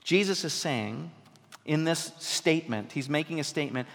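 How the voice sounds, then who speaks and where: A man's voice: fairly high pitch, normal speed, vocal fry. Preaching man in a reverberant hall. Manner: conversational preaching, rising to emphatic bursts. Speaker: pastor. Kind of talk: sermon.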